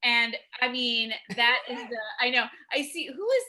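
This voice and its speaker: Bright, chatty woman host. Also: a little high, moderate pace, rough recording. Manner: chatty, laughing along, repeats herself. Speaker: show host. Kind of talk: casual hosting on a video call. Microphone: video call.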